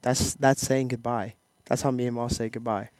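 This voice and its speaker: A young man co-hosting a casual podcast, joking and playful and slipping into quick impressions, talking into a headset mic. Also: mid-range voice, little pitch movement, a little mellow, no echo. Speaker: podcast co-host. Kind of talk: casual chat.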